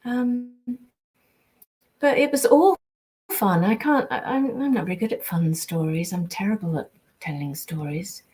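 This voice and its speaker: A woman's voice: medium pitch, a little slow, pauses often, a little mellow. Chatty older woman on livestream. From born in the US, raised in England from age seven. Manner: chatty and rambling, full of ums and restarts. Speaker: voice actress signing prints for fans. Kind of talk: casual livestream chat reading fan messages.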